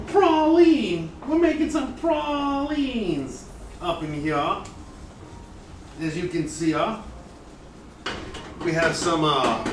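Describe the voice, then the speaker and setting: A man putting on a drawling old-fashioned Southern gentleman cook with a put-on Southern accent, speaking slowly and theatrically. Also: exaggerated voice. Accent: American Southern drawl, put on. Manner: slow, theatrical, high drawl. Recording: roomy, distant, noisy home recording.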